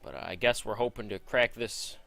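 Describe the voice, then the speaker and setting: A man's voice: fairly low pitch, brisk, vocal fry, bright, forceful tone, soft background music. A man reading a script aloud, breaking off into rambling, profane, self-mocking asides. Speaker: script reader. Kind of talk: casual rambling read-through.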